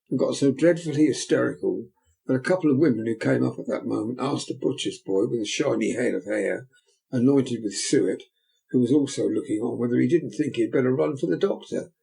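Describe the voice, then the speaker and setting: Male audiobook narrator, measured and dramatic; husky, gravelly tone. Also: medium pitch, mellow, rough recording.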